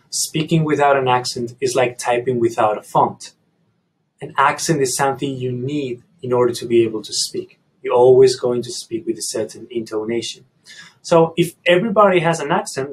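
A man giving an explanatory video lecture on language, measured and deliberate, laying out his points step by step. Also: mid-range voice, slightly rough, rough recording. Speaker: language educator.

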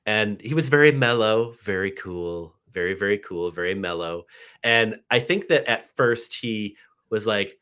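A man being interviewed as a director, talking in a relaxed, earnest way and repeating words for emphasis. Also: on the low side, a little slow, smooth. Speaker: guest, animation director. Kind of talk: casual interview.

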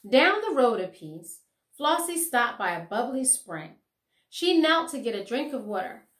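Bright-voiced woman reading a story aloud. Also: high-pitched, a little slow. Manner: expressive storytelling. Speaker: teacher. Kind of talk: children's story read-aloud. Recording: echoey room.

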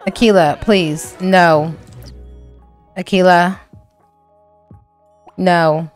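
A woman narrating her life-sim game in slow, drawn-out phrases. She reacts with loud, slangy exclamations and the odd swear word. Faint music plays underneath. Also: medium pitch. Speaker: let's play host. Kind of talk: game commentary.

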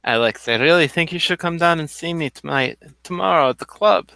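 A man's voice: a little high, fairly quick, vocal fry, bright, forceful tone, no room sound. A man voicing a flirtatious Russian nightclub hostess with a put-on Russian accent, teasing and coaxing. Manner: teasing, coaxing, calls everyone darling.

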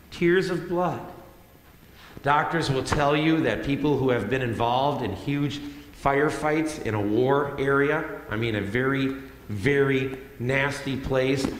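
A male pastor delivers a sermon in a plain, conversational way, circling back on phrases to press them home. His mid-pitched voice rings around a church sanctuary with a long reverb tail. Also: slow, a little hiss or hum. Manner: conversational, repeats phrases for emphasis. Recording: echoey hall with long reverb.

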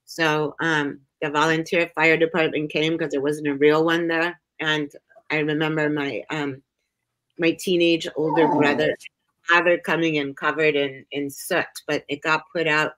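A woman from upstate New York telling personal stories as a guest in a casual chat, animated and acting out the voices she quotes. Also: sits low, unhurried, rough recording. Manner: animated, acts out quoted voices, laughs often.

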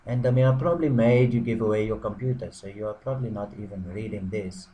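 A man who blogs, delivering a mock apology in deadpan irony, halting with frequent ums and restarts. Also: lowish voice, slight background noise, poor audio. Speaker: blogger. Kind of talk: sarcastic mock apology to camera.

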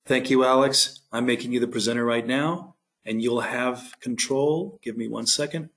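A man's voice: mid-range voice, steady tone, moderate pace, fairly bright tone. Man, 50s, event host, formal and polite, introducing a speaker.

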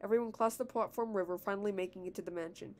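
A woman's voice: medium pitch, rapid-fire, a little mellow. A teenage girl reading her own fan story aloud, giggling and commenting on her own reading. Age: teens.

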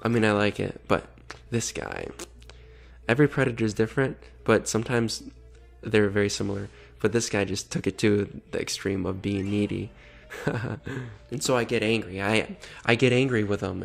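A man's voice: fairly low pitch, normal speed, vocal fry, faint music behind. A man vlogging in casual commentary, sarcastic, mocking and exasperated.

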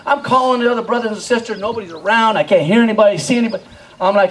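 An animated male stand-up comedian with a high voice tells a story live. He laughs often, acts out scenes and keeps asking the crowd questions. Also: rapid-fire, low-quality recording.

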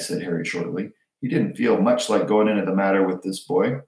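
A man reading a children's storybook aloud in a steady, measured way. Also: sits low. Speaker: reader. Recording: roomy echo.

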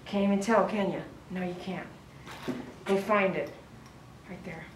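A woman dog groomer giving casual running commentary while she works, chatty and softly cooing to the dog. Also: mid-range voice, fairly even intonation, measured pace, noisy background. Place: grooming salon. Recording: echoey room, mic at a distance.

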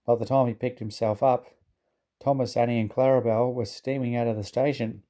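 A man reads a children's storybook aloud at an even, steady pace. His voice has a notably dark, mellow tone at an ordinary pitch. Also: a little fast. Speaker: narrator.

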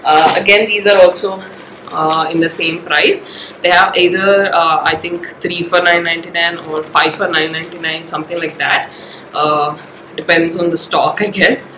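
A woman, nasal from a cold, chatting through a casual shopping haul vlog with many pauses and fillers. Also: lowish voice, steady tone, echoey room, noisy background. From India. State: has a cold. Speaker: shopping vlogger.

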